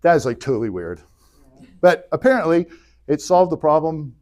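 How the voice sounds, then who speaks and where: A man's voice: a little high, big pitch swings, moderate pace, a little mellow. A man teaching an adult church class, retelling a story in a chatty, joking way and acting out the dialogue. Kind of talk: humorous casual retelling of a story.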